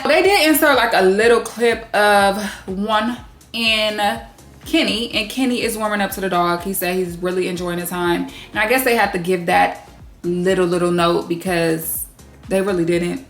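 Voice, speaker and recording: A woman's voice: mid-range voice, normal speed. Woman doing a reality tv recap, swears a lot, echoey room with faint music under it. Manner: blunt, swears freely, animated asides. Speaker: recap vlogger.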